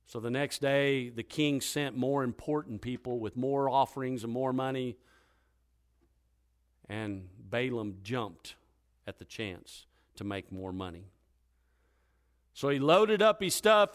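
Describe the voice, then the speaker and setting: A male preacher retelling a scripture story in a lively, dramatic sermon style. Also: a little high. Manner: lively, dramatic retelling with wide swings in loudness.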